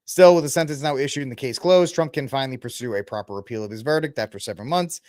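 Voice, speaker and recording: A man's voice: mid-range voice, fast talker, a little mellow, dry recording, clean studio sound. A man hosting a casual political commentary podcast, rambling and sarcastic as he reads and jokes through the news. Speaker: podcast host.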